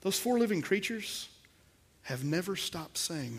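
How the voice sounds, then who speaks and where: Male pastor, slightly high-pitched, emphatic sermon delivery. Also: sing-song, measured pace, breathy edge. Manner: emphatic preaching with swells in volume, repeats words.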